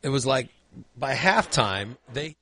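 A man's voice: mid-range voice, sing-song, measured pace, pushed and bright. A man in his forties telling a long, rambling story in casual chat, full of fillers and restarts. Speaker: storyteller in a conversation. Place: indoors at a computer.

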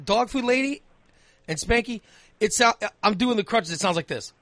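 A man's voice: very high voice, animated, moderate pace, fairly bright tone, no echo. A man hosting a call-in chat, blunt and teasing, with crude humor. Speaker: host.

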